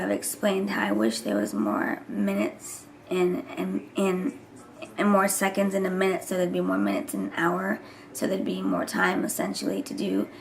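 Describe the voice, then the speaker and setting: A woman's voice: mid-range voice, vocal fry, a little hiss or hum. A woman in her thirties chatting casually to camera as a vlogger, rambling and sometimes dropping into whispers. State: voice recovering from hoarseness. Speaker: vlogger and mother.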